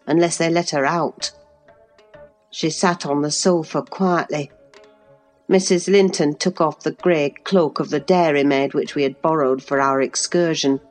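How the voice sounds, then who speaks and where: A woman reading a classic novel aloud in a measured, even way. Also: lowish voice. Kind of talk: audiobook narration.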